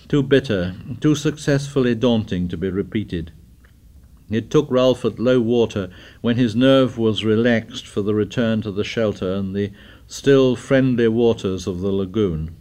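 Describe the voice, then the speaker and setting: Man reading a novel aloud, low voice, slow and deliberate. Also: a little mellow. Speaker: narrator. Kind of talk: audiobook narration of a novel.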